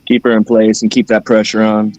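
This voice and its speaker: A man playing in a tabletop game, relaxed and joking, swearing now and then. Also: on the low side, a little fast, soft background music. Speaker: player. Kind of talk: casual tabletop game chat.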